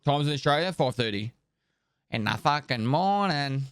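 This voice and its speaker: A man streaming live, casually chatting and rattling off viewer names and thanks in quick bursts, loose and joking with the odd swear, into a close desk microphone. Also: a little high, animated, fairly bright tone, clean tone, dry recording. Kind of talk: casual live-stream chat, reading out subscriber thank-yous.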